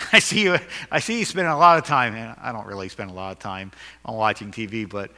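A man's voice: lowish voice, fairly quick, pushed and bright, long reverb tail. A man preaching a sermon as pastor, earnest and emphatic, with self-deprecating jokes.

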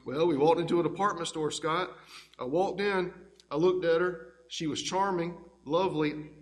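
A man's voice: fairly high pitch, normal speed, voice pushed up, lightly acted. A man voicing his boastful, smitten old grandfather, his words ringing in an echoey church hall. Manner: grand, bragging storytelling.

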